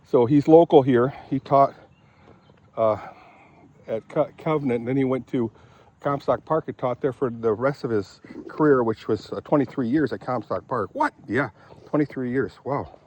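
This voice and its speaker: A middle-aged man from Michigan, talking in a rambling, chatty way and often clearing his throat. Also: mid-range voice, normal speed, highs cut off. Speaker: vlogger. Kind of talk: rambling casual chat.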